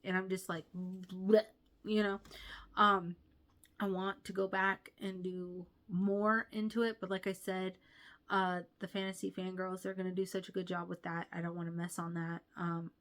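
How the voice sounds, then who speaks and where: Young woman, book vlogger, lower pitch, chatty, gushing, lots of fillers. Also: level tone, normal speed, a bit bright. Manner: gushing, chatty, many ums and likes. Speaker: book reviewer. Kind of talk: casual book review vlog.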